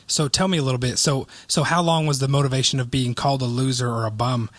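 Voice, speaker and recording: A man's voice: mid-range voice, fairly even intonation, fast, no echo. Man host asking probing questions, dry sound. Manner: probing questions, relating own experience. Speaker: interview host. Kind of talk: interview conversation.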